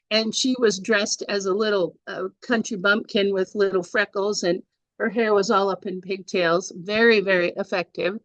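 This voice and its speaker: A woman presenting a speaking workshop over a video call, chatty and animated, often restarting her sentences. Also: medium pitch, no echo, low-quality recording.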